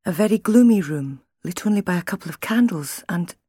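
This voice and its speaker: A woman reading an audiobook, voicing a frightened young wife with a hoarse, shaky, breathless voice, raised in pitch and sometimes whispered. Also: lively intonation, a little fast, mellow, no room sound. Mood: fearful. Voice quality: hoarse, strained. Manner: shaky, breathless, near tears.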